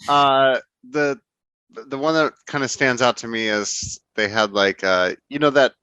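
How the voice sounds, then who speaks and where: A man co-hosting a podcast in casual chat, relaxed, often restarting his words. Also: medium pitch, a little slow, clear, resonant tone, no echo, muffled recording. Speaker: podcast co-host.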